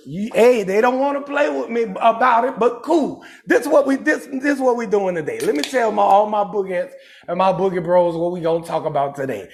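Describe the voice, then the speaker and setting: Southern male comedian, very high voice with a raspy edge, loud and profane, riffing to the chat. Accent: Southern American. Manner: loud, profane, animated, reads chat names. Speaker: comedian hosting a live stream. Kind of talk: casual live-stream comedy rant.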